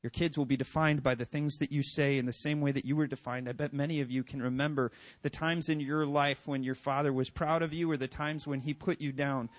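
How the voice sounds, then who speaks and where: A man in his forties preaching a sermon as a pastor, earnest and rising to loud, emphatic stretches as he tells stories about his children. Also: medium pitch, steady tone, a little fast, hardly any pauses, no echo.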